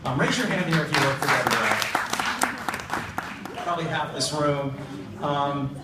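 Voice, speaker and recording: A middle-aged man gives an acceptance speech in a large event hall, hesitant and self-deprecating. His voice sits slightly high and reaches the mic from a distance. The room echoes, with faint ambience underneath. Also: animated, normal speed, over a noisy crowd, very noisy. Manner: hesitant, many ums, self-deprecating humor. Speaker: award recipient giving an acceptance speech.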